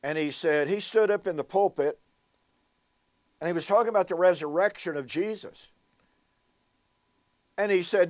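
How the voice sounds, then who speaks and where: A Bible teacher and show host gives a recorded teaching talk, earnestly telling stories, calling his listeners "folks," and slowing down to stress key words. His voice is high, with no room sound.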